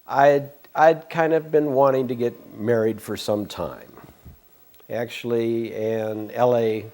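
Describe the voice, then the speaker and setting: A man's voice: mid-range voice, slow, a little mellow. A man in his sixties telling a long personal story from his past in an interview, meandering and self-interrupting, with frank asides. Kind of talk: reminiscing anecdotal storytelling.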